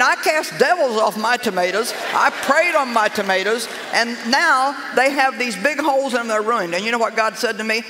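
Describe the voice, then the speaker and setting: An older woman preaching a humorous sermon, telling stories in an animated, sassy, self-mocking way. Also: a little high, moderate pace, few pauses, noisy background. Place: large church auditorium with a live congregation. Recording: echoey hall with crowd laughter.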